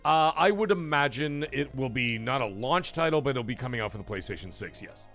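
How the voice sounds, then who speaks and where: A man's voice: medium pitch, expressive, a little fast, a bit bright, faint music behind. Rambling, swearing male streamer. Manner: rambling, swears freely, many fillers and restarts. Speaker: streamer and show host. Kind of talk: casual live-stream chat answering viewers.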